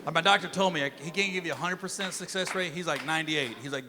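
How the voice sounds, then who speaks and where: A middle-aged man performing a profane, swaggering stand-up comedy set, acting out shouted quotes, on stage with a handheld mic. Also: a little high, rapid-fire, few pauses, in a large hall. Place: comedy stage before a live audience. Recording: live room with crowd laughter and noise.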